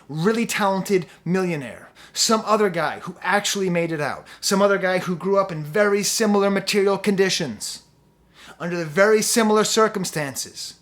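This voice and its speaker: A man reviewing an album in a vlog, his voice sitting on the higher side. He talks in an animated, impassioned way, firing off sarcastic rhetorical questions. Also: normal speed. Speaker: music reviewer.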